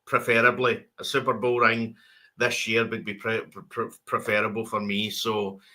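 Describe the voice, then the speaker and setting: Bright-voiced Scottish man chatting. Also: lowish voice, monotone, moderate pace. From Scotland. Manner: rambling, many restarts and repeated words. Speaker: co-host. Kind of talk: casual podcast chat.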